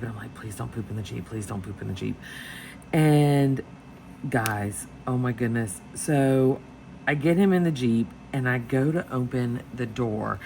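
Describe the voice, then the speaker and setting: Woman, very deep voice, animated casual storyteller, home desk recording with faint hiss. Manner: chatty, animated retelling with quoted voices and laughter. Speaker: planner vlogger. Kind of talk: casual storytelling while planning. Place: home desk with dogs nearby.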